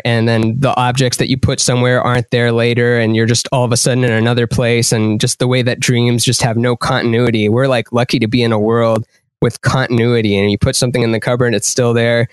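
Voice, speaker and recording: A man's voice: mid-range voice, clear, resonant tone, dry recording. Musing man on a dry mic. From partly raised in Canada. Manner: rambling, musing, lots of "like". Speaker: guest, artist and podcaster. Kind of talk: casual interview chat.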